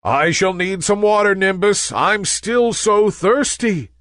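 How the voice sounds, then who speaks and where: A man voicing a calm, kindly male sun in a children's story, speaking gently and measured. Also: sits high, dry recording, clean studio sound, voice pushed up, exaggerated voice. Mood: thirsty. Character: grand kind male sun, calm and wise.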